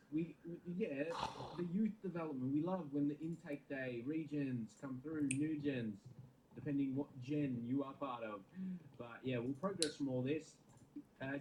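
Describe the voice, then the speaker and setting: A man's voice: on the high side, darkish tone, slight background noise, rough recording. A man hosting casual let's-play commentary, chatty and rambling, often restarting his sentences. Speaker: gaming channel host.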